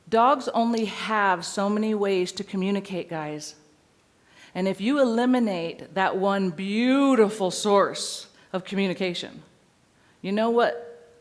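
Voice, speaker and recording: A woman dog trainer speaks to a seminar audience. Her voice sits at a middle pitch, and she teaches in a lively, playful way. Now and then she acts out what a dog would say.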